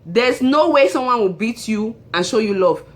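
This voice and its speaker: A woman's voice: medium pitch, moderate pace. A woman hosting her own show, giving relationship advice in an emphatic monologue and repeating her key phrases.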